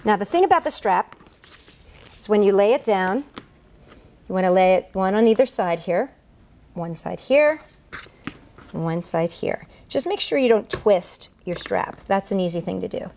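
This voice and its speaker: A woman at a middling pitch narrates a hands-on craft tutorial, explaining each step as she does it. Her talk is chatty and encouraging, with a little faint noise in the background. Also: animated, normal speed, long pauses, a little mellow. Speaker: children's event planner and craft entertainer.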